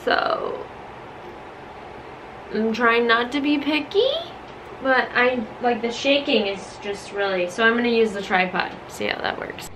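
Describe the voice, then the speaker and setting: A young woman chats through her art-business vlog in an easy, rambling way, giggling and gushing over small things. Her voice sits a touch high and she takes her time. A faint room hum lies under the recording. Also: a little slow. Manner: bubbly, gushing, giggly, rambling with many fillers. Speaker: artist and small business vlogger. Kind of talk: casual vlog narration.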